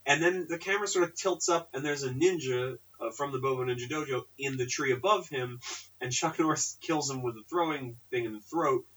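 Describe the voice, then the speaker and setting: A man's voice: mid-range voice, fairly quick, fairly bright tone, distant mic, low-quality recording. A man co-hosting a casual movie podcast, recapping scenes in a jokey, rambling way with some swearing. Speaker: podcast co-host. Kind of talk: casual movie-review chat.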